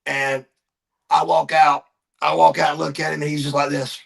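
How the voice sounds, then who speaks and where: A man's voice: a little high, little pitch movement, normal speed, gravelly. A man, a podcast guest animatedly telling a personal story and calling people brother. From Georgia, USA.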